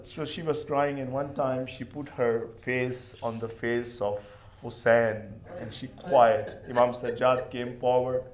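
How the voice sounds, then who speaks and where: A man's voice: mid-range voice, steady tone, slow pace, few pauses, echoey room. A man delivering a mourning sermon, telling the story with passion. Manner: impassioned storytelling. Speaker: majlis speaker.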